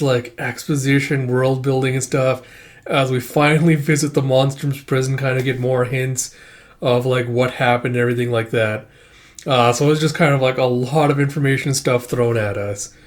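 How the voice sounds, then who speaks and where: A man talking through his thoughts on a comic book in casual reaction commentary, rambling with heavy filler words and casual swearing. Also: mid-range voice. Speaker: comic reviewer.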